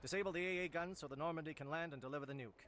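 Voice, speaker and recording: A man voicing a stern, formal alien military captain in a video game, giving a solemn, measured briefing. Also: a little high, fairly bright tone, slight background noise, natural voice. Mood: grave.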